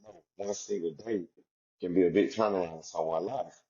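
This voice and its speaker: A man's voice: low voice, steady tone, a little fast, dark tone, husky, muffled recording. A man, a former inmate, speaks candidly and reflectively about his past, in a loose style filled with "you know" and "like". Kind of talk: candid personal storytelling.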